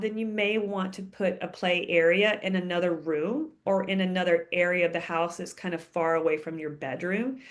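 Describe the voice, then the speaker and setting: A woman veterinarian answering viewer questions in a chatty, casual way, often ending sentences with "okay?". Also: mid-range voice. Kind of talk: casual advice Q&A.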